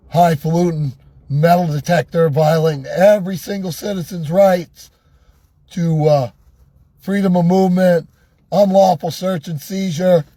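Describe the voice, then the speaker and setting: A worked-up man ranting sarcastically in a vlog from inside a vehicle, his voice going hoarse. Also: a little high, dark tone, no room sound. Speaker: vlogger. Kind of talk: angry ranting monologue.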